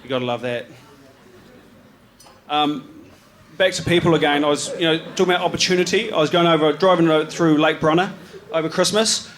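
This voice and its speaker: A man's voice: on the high side, brisk, a crowd in the background. A man from New Zealand with a New Zealand accent, a photographer giving a live talk about his slides. He rambles casually, with lots of ums, restarts and slang. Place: live event venue with an audience.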